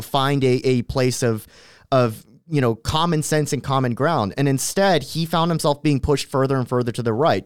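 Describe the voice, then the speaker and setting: A man's voice: mid-range voice, clean tone, no echo, studio quality. A man co-hosting a casual political commentary show, chatting and reading long quotes aloud. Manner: reads long quoted tweets aloud, conversational asides. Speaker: co-host.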